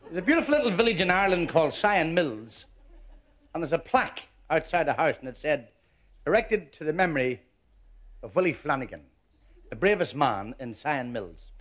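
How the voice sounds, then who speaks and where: A man telling long story jokes on stage in a stand-up comedy routine, building them up steadily and landing the twist in a deadpan way. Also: a little high, moderate pace.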